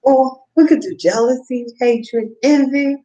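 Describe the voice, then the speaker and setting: A woman's voice: high-pitched, a little slow, dark tone, dull audio. Woman, casual livestream host, rambles, laughs easy, talks straight to viewers. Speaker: vlogger.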